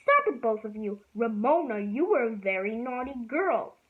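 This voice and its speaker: A woman's voice: a little high, very animated, normal speed. A firm mother of two girls, voiced by a woman reading a storybook, who scolds evenly in a slightly raised voice. The thin, phone-like recording takes the body out of it. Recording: tinny phone-like sound.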